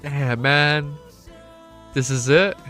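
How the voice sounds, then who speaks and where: A young man chatting casually on a live stream, excitable and swearing often, swinging from quiet gratitude to loud excitement. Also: a little high, very slow. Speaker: livestreamer. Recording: faint music behind.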